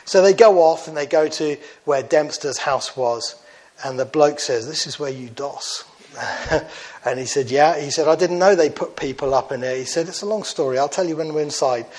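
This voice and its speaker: A man telling a story in a sermon, in a conversational way with many fillers and restarts, dropping quiet for quoted lines. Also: fairly high pitch, normal speed. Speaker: preacher.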